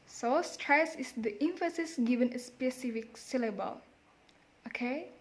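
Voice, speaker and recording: A woman with an Indonesian accent presents a pronunciation lesson in a high voice. She walks through each point and repeats example words with careful emphasis. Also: unhurried. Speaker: student presenter.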